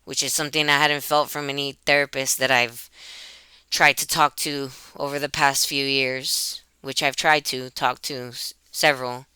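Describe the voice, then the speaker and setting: Woman venting into her webcam, bright crisp voice. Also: rumbling low, flat delivery, normal speed, dry recording. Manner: emotional, rambling, restarts and repeats herself. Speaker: YouTuber. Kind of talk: personal vlog monologue. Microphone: computer webcam.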